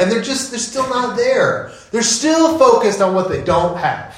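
A man preaching a sermon as pastor, telling it in an animated, conversational way. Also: extremely high pitch, normal speed, few pauses, reverberant, low-quality recording.

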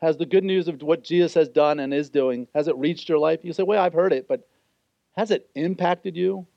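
A man's voice: fairly high pitch, moderate pace, creaky, mellow, dry recording, highs cut off. A man preaching a sermon as pastor, explaining scripture in an earnest way and briefly acting out the voices he quotes.

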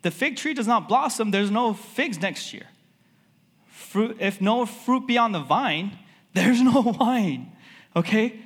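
A man's voice: high-pitched, lively intonation, a little slow, a bit bright, big-room sound. A man preaching a sermon as a pastor, talking in a loose, conversational way with lots of filler words.

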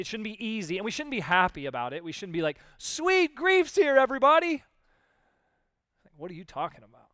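Male pastor, sermon delivery, casual and animated, slightly raised pitch, dry close sound. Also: no echo. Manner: conversational, animated, acts out quoted voices.

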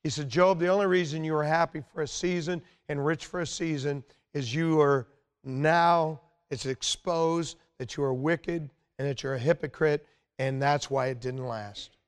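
A man's voice: steady tone, moderate pace, clear, resonant tone. A middle-aged man preaching a sermon in a conversational, emphatic way, growing more intense as he speaks. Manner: conversational, emphatic, rises in pitch when stirred.

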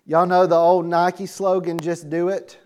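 A man's voice: high-pitched, measured pace, clean tone. A man preaching to young people, acting out a Bible story with audience helpers and laughing along. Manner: lively, laughing, calls on audience members. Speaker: youth pastor. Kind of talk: animated sermon with acted-out bible story.

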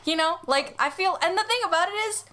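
A woman's voice: very high-pitched, fast, bright, forceful tone. A young American woman hosting a casual chat over a video call, chatty and giggly. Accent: American English. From United States. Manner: chatty, giggly, many fillers. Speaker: podcast host.

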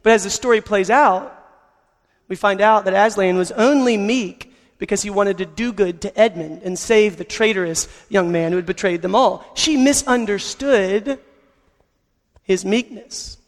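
Earnest high-voiced preacher in a hall. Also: male voice, normal speed. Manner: earnest, storytelling. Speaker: pastor. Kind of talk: sermon.

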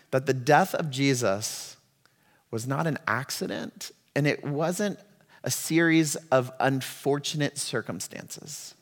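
A man preaching a sermon as pastor, moving from quiet, reflective passages to loud, impassioned ones. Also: medium pitch. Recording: long hall reverb.

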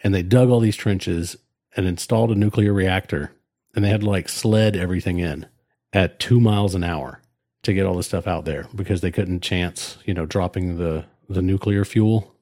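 This podcast co-host has a low, warm voice and speaks at a normal pace. His casual talk wanders, packed with fillers and false starts, and the studio-quality audio carries no room sound.

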